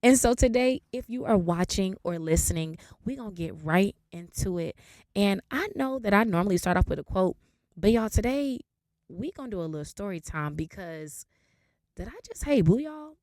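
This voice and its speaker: A woman, hosting a podcast and telling a story in a casual, animated way. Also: mid-range voice, normal speed, dry recording, studio quality. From Raleigh, North Carolina. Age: 20s. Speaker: podcast host. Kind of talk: casual story time monologue.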